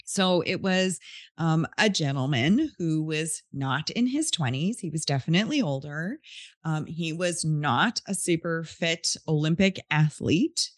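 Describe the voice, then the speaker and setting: A woman's voice: deep voice, animated, measured pace, no room sound, clean studio sound. A woman podcast host telling a story in an earnest, heartfelt, casual way.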